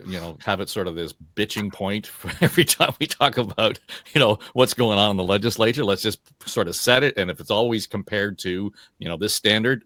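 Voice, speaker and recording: Guy hosting a politics panel, lowish voice, super dry close sound, chatty. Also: fairly bright tone, dry recording. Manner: conversational, poses questions to guests. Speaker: host.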